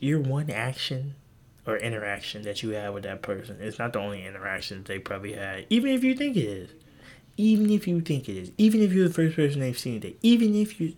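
Animated young man with a lively voice. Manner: animated and rambling, swears, voice jumps high in disbelief. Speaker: podcast host. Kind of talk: casual podcast monologue.

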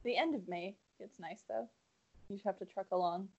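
A woman from Canada co-hosting a podcast, speaking in a relaxed casual chat with dry humor. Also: mid-range voice, moderate pace, husky. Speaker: podcast co-host. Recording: dull lo-fi sound.

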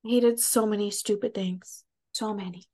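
A woman podcast co-host reacts to the story with short, blunt comments and swearing. Her voice is mid-pitched and casual. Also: steady tone, moderate pace, darkish tone. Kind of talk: casual book chat.

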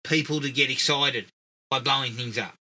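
A man's voice: medium pitch, normal speed, bright, forceful tone. A man co-hosting a casual film review podcast, swearing and laughing often.

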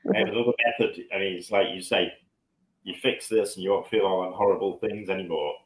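A man co-hosting a podcast, an animated storyteller who pokes fun at himself in casual chat. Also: brisk, poor audio. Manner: animated storyteller, self-mocking, jumps up in pitch on punchlines. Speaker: podcast co-host.

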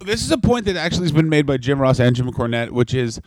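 A man co-hosting a podcast at an ordinary, mid-range pitch, delivering crude jokes in a deadpan way. His voice comes through a close, completely dry mic with no room sound. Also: quick pace, no echo. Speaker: podcast co-host. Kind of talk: crude comedic chat.

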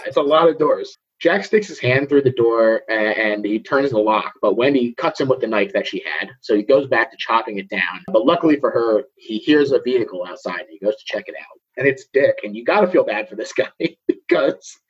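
A male podcast host with a medium-pitched, slightly rough voice and lively intonation talks fairly quickly as he casually recaps a movie. He jokes throughout and often laughs mid-sentence, captured on a dull lo-fi recording.

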